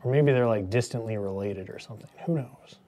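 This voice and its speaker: Host type: man in his thirties, mellow tone, jokey rambling painter chat. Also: on the low side, a little fast. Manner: joking, rambling into movie tangents. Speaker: miniature painter hosting a painting stream. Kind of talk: casual painting demo chat.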